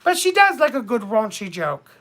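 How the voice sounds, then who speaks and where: A man's voice: very high-pitched, big pitch swings, moderate pace, pushed and bright, exaggerated voice. A man playing a bawdy, gossipy older duchess on a comedic live stream, theatrically calling viewers darling and my dears.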